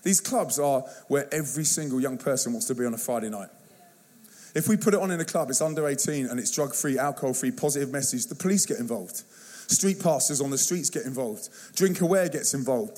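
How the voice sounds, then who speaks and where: A man preaching an energetic sermon to a church, telling stories in a punchy, slangy, excitable way. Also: mid-range voice, a little fast. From United Kingdom. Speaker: guest youth evangelist. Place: church service.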